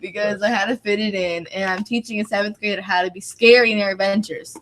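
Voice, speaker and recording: A woman's voice: mid-range voice, steady tone, quick pace, noisy background. A woman co-hosting a tabletop gaming podcast, giggly and scattered, full of "like". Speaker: podcast co-host and convention game master. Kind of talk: casual chat.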